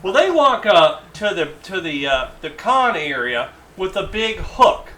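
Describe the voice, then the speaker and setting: Brief: radio host man, forties, higher-pitched bright voice, animated storyteller. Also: roomy sound. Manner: animated anecdotal storyteller, halting asides.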